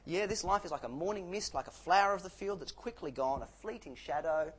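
Male preacher, sermon, animated, jokey asides, faint background noise. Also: sits high, fairly quick, low-quality recording.

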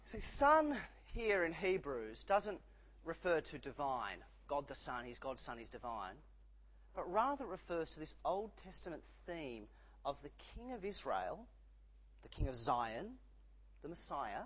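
A man preaching a sermon, emphatic, dropping low and rising again for effect. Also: big pitch swings, unhurried, fairly bright tone, poor audio.

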